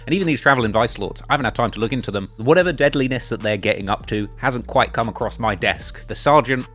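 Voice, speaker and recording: A man's voice: medium pitch, soft background music. A man hosting a casual reaction commentary, sarcastic and joking as he answers critics of his video. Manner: sarcastic, joking, fast and animated. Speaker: true crime channel host reacting to a clip.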